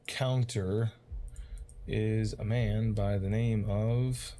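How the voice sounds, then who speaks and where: Low-voiced casual game master man. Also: steady tone, very slow, dark tone. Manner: casual, rambling, many fillers. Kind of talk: narrating a tabletop game.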